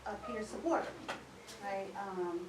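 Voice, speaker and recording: A woman's voice: medium pitch, a little slow. A woman leading a conference workshop as facilitator, chatty and encouraging as she affirms the group. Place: conference room. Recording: echoey room from far off, background noise.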